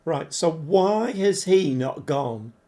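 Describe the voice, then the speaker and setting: A man live-streaming a game, chatting to viewers and getting easily frustrated, his voice a bit hoarse. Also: fairly high pitch, animated, takes it slowly, dark tone. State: voice struggling, slightly hoarse. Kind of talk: live-stream commentary while playing.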